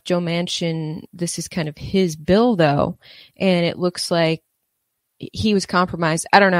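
A woman's voice: on the low side, dry recording. A woman giving casual, sarcastic political commentary, reading quotes aloud between frequent fillers.

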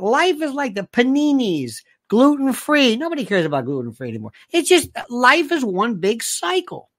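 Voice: mid-range voice, big pitch swings, moderate pace, few pauses, fairly bright tone, dry recording, studio quality. Ranting sarcastic commentary host. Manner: ranting, sarcastic, piles up insults and rhetorical questions. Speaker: host reading viewer comments. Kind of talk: opinionated commentary monologue.

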